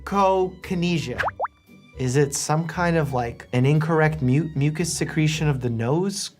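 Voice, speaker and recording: A man's voice: fairly high pitch, moderate pace, music in the background. A man, a doctor hosting a video, casually reacting to memes, reading them aloud and laughing often.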